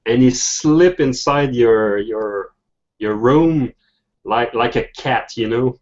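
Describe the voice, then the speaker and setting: A man narrating a tabletop game as game master, halting and laughing between phrases. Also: mid-range voice, darkish tone. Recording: dull lo-fi recording.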